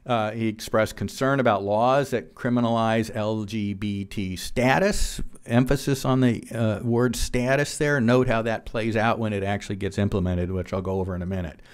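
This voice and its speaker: A man giving an earnest policy presentation to a live audience in a room, reading quotes aloud and pausing on frequent fillers. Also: lowish voice, fairly even intonation, clean tone. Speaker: policy speaker.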